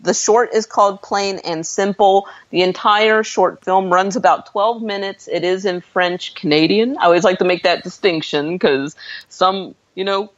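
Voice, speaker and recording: A woman co-hosting a movie review podcast in casual chat, talkative and quick to laugh. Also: fairly low pitch, dry recording. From North America. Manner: chatty, laughs often, quick asides. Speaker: podcast co-host. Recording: dull lo-fi dry sound.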